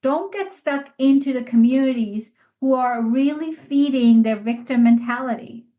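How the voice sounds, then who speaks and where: A woman's voice: sits high, moderate pace, dark tone, rough recording. A middle-aged woman hosting a solo podcast, talking in an earnest, heartfelt way and repeating phrases for emphasis. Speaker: podcast host. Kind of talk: reflective solo podcast talk.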